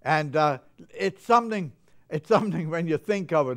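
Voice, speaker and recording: Fervent older man preaching, smooth voice. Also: a little high, lively intonation, normal speed, a bit bright. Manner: fervent, gets carried away with joy. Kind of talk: sermon. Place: chapel.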